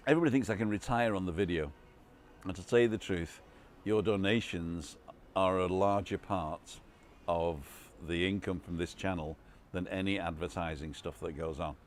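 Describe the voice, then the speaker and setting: An older man chats loosely to his viewers from a bar terrace, circling back over his words with restarts and asides. His voice sits fairly low. Faint outdoor background noise runs under the recording. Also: darkish tone. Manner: rambling, chatty, many restarts and asides. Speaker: live-stream vlogger. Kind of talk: casual live-stream chat reading comments.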